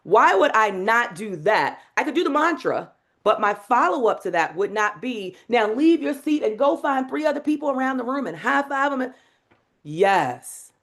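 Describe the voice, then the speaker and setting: A woman teaching a live online masterclass on public speaking, in an energetic, demonstrative way. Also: fairly high pitch, normal speed. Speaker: speaking coach. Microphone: video call.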